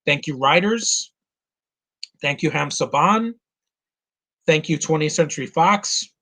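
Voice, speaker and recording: A man in his thirties, near tears, giving an earnest and halting live commentary as host of his own stream. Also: fairly high pitch, animated, sharp tone. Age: 30s.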